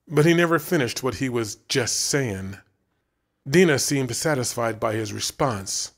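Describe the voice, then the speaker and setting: A man narrating a story as an audiobook reader, with a dramatic, expressive delivery. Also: mid-range voice, a little slow.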